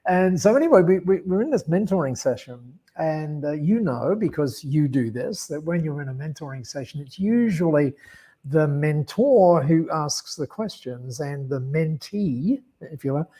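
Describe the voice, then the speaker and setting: A man's voice: fairly high pitch, expressive, moderate pace, mellow. An Australian man, a guest in an interview, telling a long story and acting out both sides of a conversation, with many restarts. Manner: rambling, with frequent restarts and acted-out dialogue. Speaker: guest speaker.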